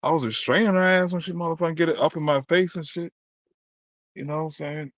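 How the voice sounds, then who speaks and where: A man's voice: a little high, quick pace, no room sound. A man doing profane, heated casual commentary while reacting to chat and reading it aloud. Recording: dull lo-fi dry sound.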